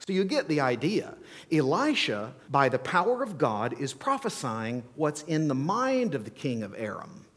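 Animated storytelling pastor in a big hall. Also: male voice, medium pitch, husky. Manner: animated storytelling, acts out scenes, playful asides. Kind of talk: sermon. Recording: long hall reverb.

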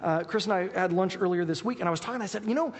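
Fast-talking male pastor in an echoing hall. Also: high voice. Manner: quick, animated, with frequent restarts. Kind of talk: sermon with Bible reading. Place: warm church hall. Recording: reverberant hall.

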